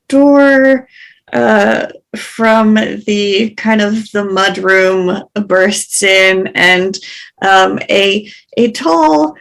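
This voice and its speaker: A woman game master narrating a tabletop game in a halting way, with many fillers. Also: medium pitch, creaky, fairly bright tone.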